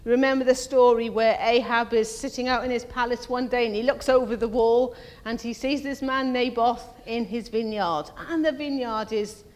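A woman's voice: steady tone, moderate pace, hardly any pauses. Woman preaching in a reverberant church. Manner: conversational, asks the congregation questions; acts out quoted voices in a higher pitch. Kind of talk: sermon. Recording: long reverb of a church hall.

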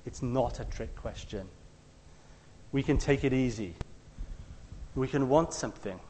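A man preaches in a relaxed, conversational way, as if telling a story to friends. He acts out what the people in his story say and sometimes shouts their lines out loudly. There is faint noise in the background at a middle pitch. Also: unhurried, in a large hall. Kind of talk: sermon.

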